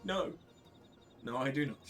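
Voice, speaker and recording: A man's voice: animated, unhurried, a bit bright, distant mic, soft background music. A man putting on a whiny cowering kobold. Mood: gloomy. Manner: repetitive, wailing, pleading, pitch jumping high. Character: fretful cowering kobold, male, small. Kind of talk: reading game dialogue aloud.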